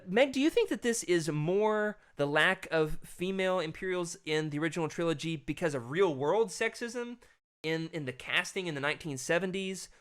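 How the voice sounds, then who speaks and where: Male co-host, high-ish, forceful tone, upbeat fan-chat energy. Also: clean tone. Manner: enthusiastic, reads live chat comments. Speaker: podcast co-host. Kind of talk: casual podcast chat.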